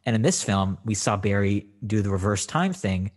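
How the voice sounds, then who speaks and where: Low husky man chatting casually. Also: expressive, normal speed, a little mellow. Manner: rambling, filler-heavy, frequent "like". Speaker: film discussion co-host. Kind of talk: casual chat.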